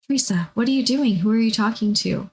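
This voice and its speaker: A woman's voice: on the high side, a little fast, a little mellow, slightly rough, low-quality recording. A woman doing a patient, puzzled mother. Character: patient mother checking on her daughter at night.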